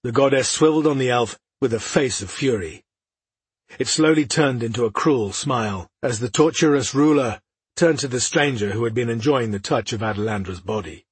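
A man narrating a fantasy audiobook in a steady, measured reading style. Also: mid-range voice, breathy edge, no room sound.

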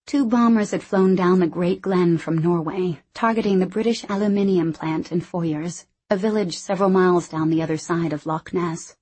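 A woman narrating an audiobook in a measured, wry way. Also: on the low side, darkish tone, breathy edge.

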